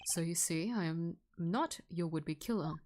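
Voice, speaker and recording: A woman's voice: on the low side, measured pace, darkish tone, slight background noise, voice pushed down, lightly acted. Woman playing a polite, evasive ice cream seller.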